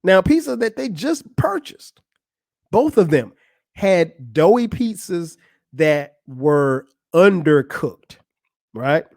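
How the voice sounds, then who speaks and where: A podcast host with a slightly high voice speaks slowly through a monologue, casually telling a funny story full of profanity. He's animated and acts out others' lines. The recording is dry with clean studio sound.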